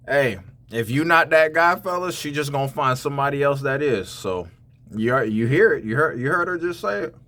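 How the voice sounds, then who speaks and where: Man, reaction host, casual commentary, preachy, talks to "fellas", repeats himself, mid-pitched voice. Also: lively intonation, normal speed, bright, forceful tone. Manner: preachy, addresses "fellas" directly, repeats words.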